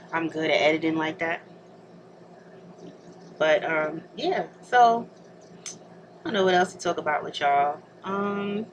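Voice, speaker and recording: A young adult woman with a lowish voice vlogs casually to camera while getting ready at home, rambling and laughing often. The recording is low-quality, with noticeable background hiss.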